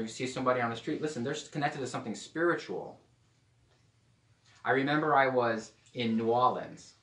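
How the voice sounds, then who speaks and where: A man with a medium-pitched, fairly bright voice preaches a casual, joking sermon to a small group, occasionally slipping into playful put-on accents. The mic is at a distance in an echoey room.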